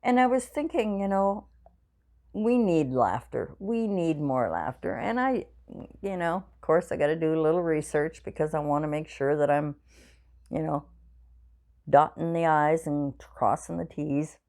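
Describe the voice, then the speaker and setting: A woman's voice: low-pitched, lively intonation, measured pace, mellow. A woman in her sixties vlogging from her home craft room, rambling and chatty with lots of fillers, tired and yawning as she talks. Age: 60s. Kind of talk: casual chat to viewers.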